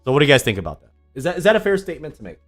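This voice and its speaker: A man's voice: on the high side, very animated, rapid-fire, fairly bright tone, faint music behind. A young man chatting casually on a livestream, sarcastic and rambling with lots of ums, answering viewers. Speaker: tennis YouTuber streaming live.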